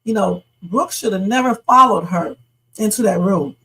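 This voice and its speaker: Blunt husky-voiced woman livestream host. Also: medium pitch, normal speed, sharp tone, rough recording. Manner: blunt, emphatic, talks straight to the chat. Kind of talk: casual livestream commentary.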